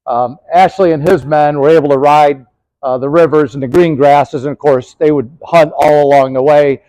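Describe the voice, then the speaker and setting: A man's voice: on the high side, fairly even intonation, normal speed, warm tone, no room sound, low-quality recording. A middle-aged man giving a casual, rambling demonstration of his gear outdoors beside his horse, with lots of fillers. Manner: folksy, rambling, many fillers. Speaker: historical horse trekking presenter.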